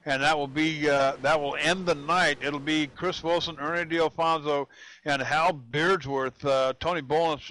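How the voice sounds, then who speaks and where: A man's voice: fairly high pitch, fairly even intonation, a little slow, bright, forceful tone, a little hiss or hum, rough recording. A man doing play-by-play commentary on a sim race, folksy and chatty, often repeating "I'll tell you what.".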